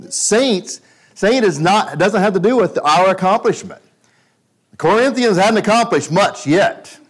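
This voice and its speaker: A man with a slightly high voice preaches in a small church room. He reads scripture and then talks it through conversationally. He sounds like a teacher, pausing and restarting as he explains. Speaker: pastor. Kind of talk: expository Bible-study sermon.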